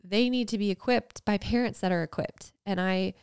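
A woman's voice: mid-range voice, moderate pace, a little mellow, clear, resonant tone, dry recording, studio quality. A woman in her thirties co-hosting a casual faith podcast, talking earnestly and reflectively with frequent "like" fillers. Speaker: podcast co-host.

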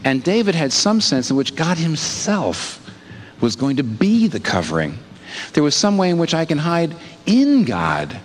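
A man preaching a sermon, asking rhetorical questions and moving between hushed and emphatic moments. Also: a little high, wildly swooping pitch, a little slow. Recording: long reverb with faint background noise.

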